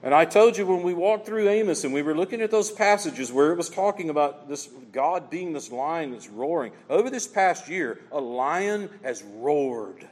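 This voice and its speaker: A man's voice: fairly high pitch, lively intonation, normal speed, few pauses, darkish tone, long reverb tail. A man preaching a sermon as pastor, emphatic and quoting scripture dramatically.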